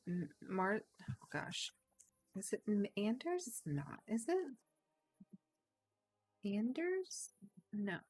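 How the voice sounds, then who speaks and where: A woman chatting casually with her viewers while she plays a game, playful and quick to laugh. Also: mid-range voice, a bit bright. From United States. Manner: chatty, playful, giggly, talks to chat. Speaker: game streamer. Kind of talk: casual chat while gaming.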